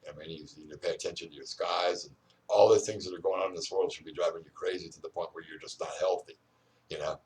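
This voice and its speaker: A man's voice: deep voice, steady tone, fast talker, a little mellow, distant mic, a little hiss or hum. An older man rambling and ranting outdoors, full of "you know" fillers. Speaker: vlogger.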